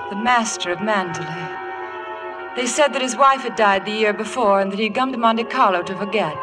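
A woman's voice: mid-range voice, natural voice. An actress playing a timid, poor young woman who narrates and stammers shyly, in 1940s radio drama style, over old radio broadcast music. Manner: stammering, hesitant.

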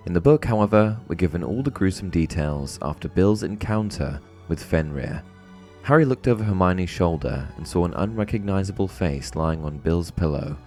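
Male explainer host, scripted and dramatic, very deep voice with lively swings, faint music behind. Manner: expressive storytelling with dramatic emphasis. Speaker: host of a fan explainer channel. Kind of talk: scripted narration.

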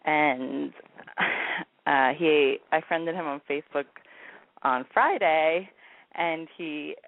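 A woman from Florida calling in to a radio show, telling her story in a chatty, unhurried way. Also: low voice, dry recording. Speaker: caller. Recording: dry, tinny phone line.

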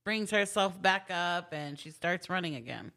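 A woman's voice: fairly low pitch, normal speed. A woman co-hosting a podcast, casually recapping a film with lots of swearing and laughter. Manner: swears freely, laughs often, animated retelling. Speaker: podcast co-host. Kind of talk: casual movie recap chat.

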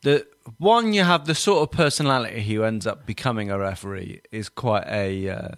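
A man's voice: fairly low pitch, moderate pace, no echo, clean studio sound. A man hosting a podcast in casual chat, joking, laughing often and acting out quoted voices. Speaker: podcast host.

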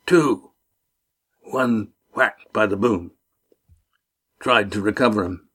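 A man's voice: lowish voice, takes it slowly, a bit bright, exaggerated voice. A man doing a sly, drawling sailor. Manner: drawling, rough-spoken. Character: shifty male sailor, sly and worn-out.

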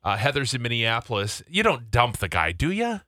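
A male radio host chatting on air from a studio mic, his voice bright and forceful. He reacts in an animated, joking way, and the sound is close and dry. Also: medium pitch, fairly quick, no room sound. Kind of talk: casual radio call-in chat. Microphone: studio microphone.

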